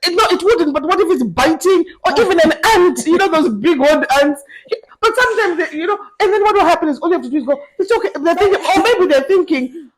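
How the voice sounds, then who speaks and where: A woman co-hosting a casual chat show, animated and laughing often as she acts out little scenes. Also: very high-pitched, fast, crowd noise, low-quality recording. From abroad, moved to the UK. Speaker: co-host.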